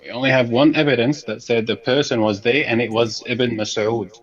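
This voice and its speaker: A man's voice: medium pitch, steady tone, a little fast, muffled recording. A man guest in a casual podcast chat, hesitant and teasing with questions. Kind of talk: casual group chat on a call.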